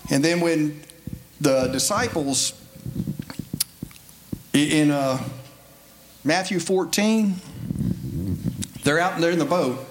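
A man preaching a folksy, conversational sermon in a church, building to emphatic high points. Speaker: lay preacher. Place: church sanctuary. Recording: faint background noise.

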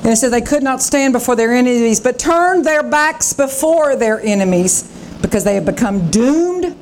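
A woman's voice: a little high, animated, normal speed, darkish tone, a little hiss or hum. A woman pastor preaching a revival sermon, fervent and dramatic, acting out the voices of scripture.

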